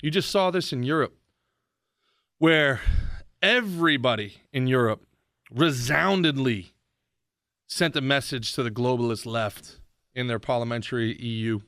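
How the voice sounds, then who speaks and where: A man hosting his own podcast, ranting sarcastically about politics in a mocking, animated way. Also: medium pitch, a little slow, pauses often, no echo, studio quality. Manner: sarcastic, mocking, animated rant with shouted impressions. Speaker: podcast host.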